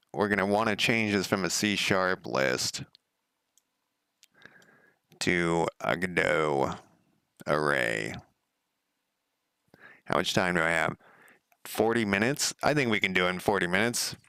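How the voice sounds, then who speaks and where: Middle-aged guy live coding, low gravelly voice, rambly, talks to himself, dry close mic. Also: measured pace, pauses often, pushed and bright, no echo. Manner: rambling, self-talking, laughs at himself. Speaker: game developer streaming his coding. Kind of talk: casual live coding commentary.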